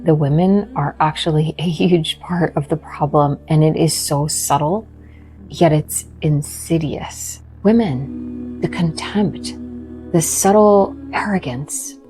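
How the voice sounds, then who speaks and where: A woman giving an earnest, grave monologue with measured, emphatic pauses. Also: low voice, warm tone, faint music behind, poor audio.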